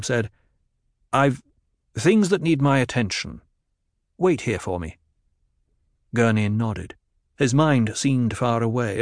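A man in scripted audiobook narration, telling the story in a measured, even way. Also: fairly low pitch, no room sound, studio quality.

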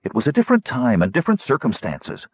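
A fiery woman warrior argues her case with force and conviction, as a male reader puts her on. The voice is husky and dry, with lively, swinging pitch. The sound is dull and lo-fi. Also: fast talker, no echo, exaggerated voice. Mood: persuasive. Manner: forceful, persuasive.

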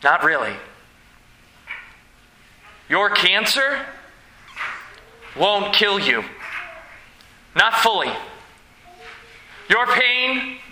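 A man preaching a sermon as pastor, slow and emphatic, with dramatic pauses. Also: high voice, sing-song, pushed and bright, reverberant, slight background noise, poor audio.

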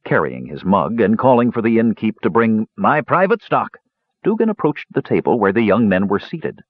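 Husky low-voiced male narrator. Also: sing-song, fairly quick, no echo, narrow, tinny audio. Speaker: audiobook narrator. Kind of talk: scripted narration.

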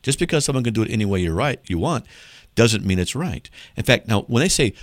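Animated, lively-pitched male radio host. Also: fast talker, no echo, clean studio sound. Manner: animated, emphatic, argues by playing out mock dialogues. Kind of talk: call-in radio apologetics talk.

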